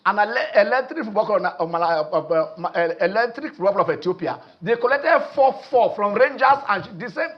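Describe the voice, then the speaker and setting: A Nigerian man hosting a sports phone-in show, excitable and repetitive, often trailing off mid-sentence. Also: high-pitched, fairly quick, few pauses, muffled recording. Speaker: sports talk show host. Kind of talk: animated phone-in sports talk.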